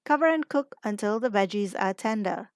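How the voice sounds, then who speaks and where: A woman, the host of a cooking channel, giving calm step-by-step narration over a recipe. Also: medium pitch, normal speed, clean tone, dry recording.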